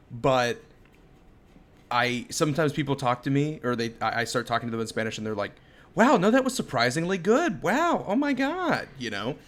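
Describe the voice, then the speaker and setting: A man from the United States co-hosting a podcast, full of teasing, animated reactions and quick exclamations. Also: mid-range voice. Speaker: podcast co-host. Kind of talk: casual chat.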